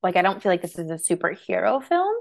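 A woman's voice: lowish voice, sing-song, fast, gravelly. A woman co-hosting a film podcast in casual chat, playful, teasing and opinionated. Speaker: podcast co-host.

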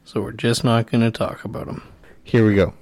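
A man co-hosting a movie podcast, giving wry, deadpan complaints in casual chat. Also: medium pitch, fairly quick, no echo. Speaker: podcast co-host.

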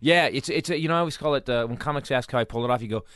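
Fast-talking man telling comedy stories. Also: mid-range voice, no room sound, clean studio sound. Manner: rapid, animated, acts out quotes. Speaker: comedian guest. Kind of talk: casual storytelling.

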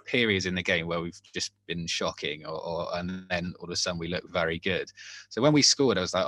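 A man's voice: sits low, a little fast, pushed and bright. A man co-hosting a football podcast, talking candidly in casual chat and laughing often. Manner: candid, laughs often, swears when annoyed.

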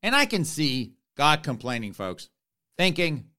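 A man's voice: a little high, sing-song, measured pace, sharp tone. A man hosting a comedic commentary show, mocking and ranting, often calling out to his listeners. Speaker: commentary host.

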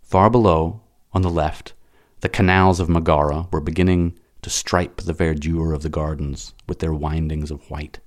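A man reading a novel aloud as an audiobook narrator, dramatic and expressive. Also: very deep voice, moderate pace.

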